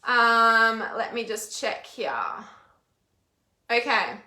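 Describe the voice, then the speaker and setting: A woman with a bright, somewhat high voice chats on a live stream, reading comments aloud and ranting bluntly, swearing freely and repeating words for emphasis. The sound carries a roomy echo. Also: steady tone, extremely slow. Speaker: intuitive healer and mentor hosting a live stream.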